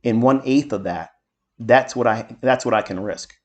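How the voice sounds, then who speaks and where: A middle-aged man talks through his market commentary at a mid-range pitch. He is blunt and profane, and he drifts into boastful, heated asides. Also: normal speed, highs cut off. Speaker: trading mentor.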